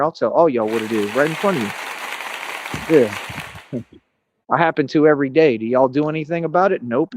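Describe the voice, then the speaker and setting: A man's voice: mid-range voice, a little hiss or hum. A man ranting on a live stream, boastful and confrontational, full of street slang. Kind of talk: casual ranting monologue. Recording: dull lo-fi stream audio.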